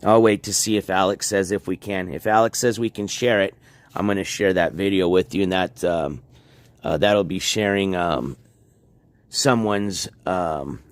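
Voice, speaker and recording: Laid-back low-voiced man streaming from home. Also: unhurried, no room sound. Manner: relaxed, rambling with many fillers and laughs. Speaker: livestream host. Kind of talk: casual livestream chat. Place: at home, moving between yard and house. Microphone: handheld phone on a gimbal.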